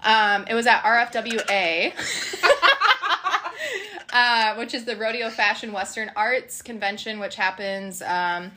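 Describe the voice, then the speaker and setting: Woman, podcast host, bright voice, bubbly, giggly, enthusiastic. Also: mid-range voice, steady tone, measured pace, a little hiss or hum. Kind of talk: casual podcast chat.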